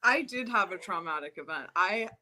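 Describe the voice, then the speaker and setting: A woman's voice: mid-range voice, lively intonation, normal speed, bright, forceful tone. A woman who is a guest on a casual podcast, speaking earnestly and chatting freely. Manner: earnest, chatty, laughs easily.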